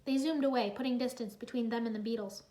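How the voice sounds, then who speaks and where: A woman narrating a children's adventure story in a lively, expressive read-aloud. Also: on the high side, fast.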